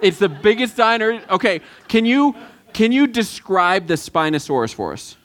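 A pastor giving a sermon in a conversational way, with many halting restarts and questions to the room. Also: male voice, high-pitched, big pitch swings, fairly bright tone.

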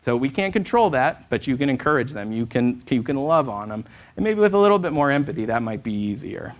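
A man's voice: medium pitch, big pitch swings, a little fast. A man, a therapist speaking at a church, talking conversationally and often checking in with "right?". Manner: conversational, keeps asking "right?". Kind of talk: church talk with Q&A. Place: church hall.

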